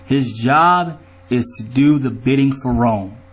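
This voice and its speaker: A man's voice: mid-range voice, slow, soft background music. A man in an angry monologue to his viewers, riled up, profane and ranting. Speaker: vlogger.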